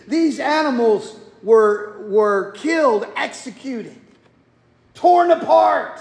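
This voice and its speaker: A man's voice: extremely high pitch, expressive, takes it slowly, creaky, a little mellow. A man preaching a sermon, telling the story in a folksy way and acting out the quotes. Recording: echoey hall.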